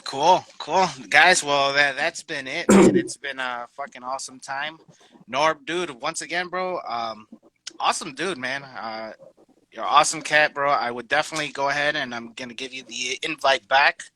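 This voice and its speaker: A man's voice: medium pitch, normal speed, bright, forceful tone, rough recording. A man hosting a casual interview show, hyped and slangy, calling his guest bro and dude and repeating words as he talks. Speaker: host. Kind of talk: casual chat.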